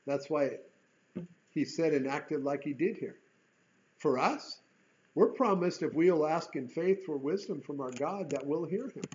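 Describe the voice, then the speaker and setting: On a dull, lo-fi recording, a male Bible teacher works through a chapter one verse at a time, unhurried, with lively intonation. He reads the passage out and keeps slipping in folksy asides and rhetorical questions. His voice is fairly high with a darkish tone.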